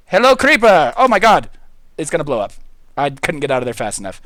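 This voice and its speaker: A man livestreaming a video game, hyper and goofy, jumping from loud squealing outbursts to mumbled asides. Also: fairly high pitch, wildly swooping pitch, normal speed, no room sound, clean studio sound. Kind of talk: excitable gaming livestream chatter.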